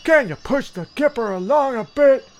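Guy doing a fed-up grouch, really high voice, yelling at everyone to hurry. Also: lively intonation, normal speed. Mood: exasperated. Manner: exasperated, cursing, impatient. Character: grumpy impatient male show cohost. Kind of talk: comedy radio-play acting.

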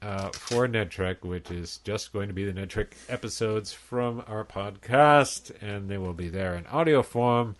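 A man's voice: fairly low pitch, unhurried, few pauses. A man co-hosting a podcast, playing along with jokes and giggling through casual banter. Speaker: podcast co-host.

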